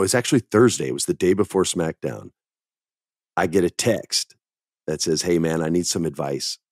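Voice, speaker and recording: A middle-aged man with a low, deep voice hosts a casual podcast chat. He tells stories with animated, emphatic delivery. The recording is dry and close. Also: no room sound. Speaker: podcast host.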